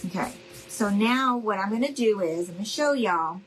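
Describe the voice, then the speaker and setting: A woman's voice: medium pitch, animated, moderate pace, soft background music, low-quality recording. A woman hosting a live crafting demonstration, chatting with viewers, saying y'all and asking okay? as she works. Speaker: craft tutorial host.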